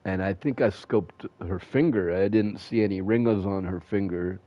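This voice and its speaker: A man's voice: deep voice, moderate pace, no room sound. A man streaming a game, telling rambling, profane stories in a casual way. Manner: rambling, profane, laughs at his own stories. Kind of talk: casual storytelling while gaming. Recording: dull dry home mic.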